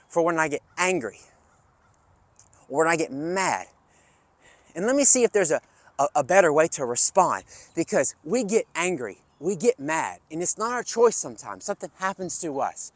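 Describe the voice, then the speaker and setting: A man hosting an energetic kids' lesson, coaching children through calming breaths and movement. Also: high-pitched, normal speed, long pauses, no room sound. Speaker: kids' fitness and social-emotional learning host.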